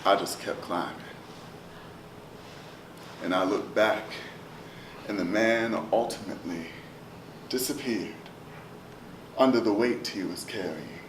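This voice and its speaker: A man's voice: on the low side, slow pace, pauses often. Man performing rhythmic spoken word poetry. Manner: rhythmic, chanting delivery swinging from loud calls to near whispers. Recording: roomy echo, distant mic, steady ambient noise.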